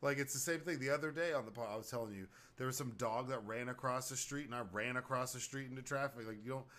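A man co-hosting a podcast, telling a story in animated, profane casual chat. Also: medium pitch, fast talker. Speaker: podcast co-host.

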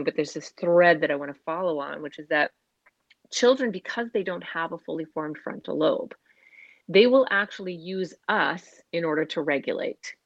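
A woman speaking about parenting in an earnest, animated, conversational way, sometimes acting out the voices of parents and children. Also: lowish voice, no room sound, lo-fi sound. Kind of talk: casual conversational explanation.

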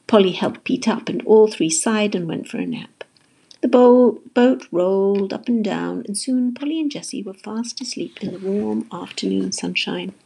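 A woman reading a children's storybook aloud as narrator, expressive, with occasional whispered asides. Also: medium pitch, vocal fry, breathy edge.

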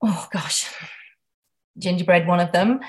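Chatty woman, slightly low voice. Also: unhurried. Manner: chatty, self-deprecating, frequent restarts. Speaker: guest. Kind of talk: casual interview.

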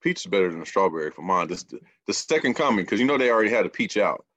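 A man's voice: low-pitched, animated, very fast, fairly bright tone, dry recording, lo-fi sound. A man hosting a casual beer podcast, talking in a laid-back, rambling way and often repeating words. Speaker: podcast host. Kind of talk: casual chat.

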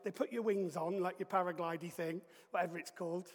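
A male preacher telling a story in an animated, comic way. His voice is high for a man. It carries the long reverb of a large hall, and he sometimes breaks into bursts of shouting. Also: fast talker. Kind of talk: storytelling sermon.

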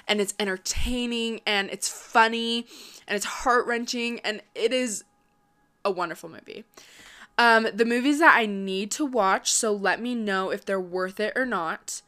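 A young woman talks straight to her viewers in a breezy, upbeat run of casual chat, scattering fillers as she goes. Her voice is smooth and clean, sitting at an ordinary middle pitch. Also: fairly bright tone. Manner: chatty, quick and upbeat, lots of "like" and "um". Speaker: vlogger.

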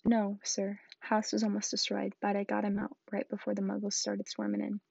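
A woman voicing a huge, gentle, tearful male giant in a storybook reading, with a rough, homely way of talking. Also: medium pitch, monotone, moderate pace, no echo, dull audio. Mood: earnest. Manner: rough, homely, sobbing easily.

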